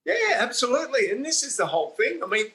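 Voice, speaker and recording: A man's voice: very high-pitched, sing-song, fast, sharp tone, low-quality recording. A man from Australia with an Australian accent, telling stories bluntly and swearing a lot as an interview guest. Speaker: guest, private investigator. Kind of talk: casual interview storytelling.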